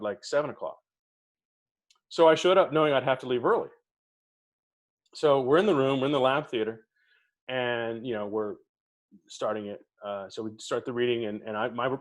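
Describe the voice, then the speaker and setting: A middle-aged man, a podcast co-host, telling theatre stories in casual talk and acting out the people he quotes. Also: medium pitch. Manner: animated anecdotes, acting out quoted voices. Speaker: podcast co-host being interviewed. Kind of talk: casual storytelling.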